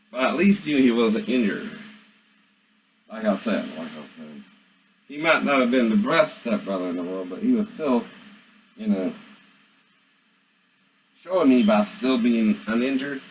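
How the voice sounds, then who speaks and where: A man's voice: mid-range voice, slight background noise, poor audio. A man vlogging at home, rambling and venting as he talks to absent people and keeps asking "right?". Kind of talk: rambling monologue to camera.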